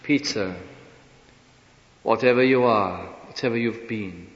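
A man's voice: fairly low pitch, unhurried. Male preacher, earnest sermon voice with rhetorical questions, dull lo-fi sound, long hall reverb. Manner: earnest, rhetorical questions, drops to soft asides. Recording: dull echoey hall recording.

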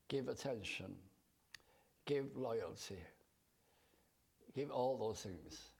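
A man preaching a sermon in a slow, measured way, drawing out his scripture quotes. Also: medium pitch, vocal fry, darkish tone, slightly rough.

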